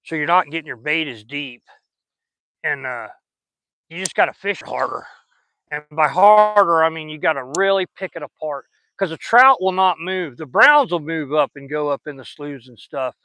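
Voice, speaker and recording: Out on a river with his line in the water, a Southern US man rambles folksily about whatever comes to mind for his fishing vlog. He speaks at normal speed, on the high side, with a pushed, bright tone, and the audio quality is poor.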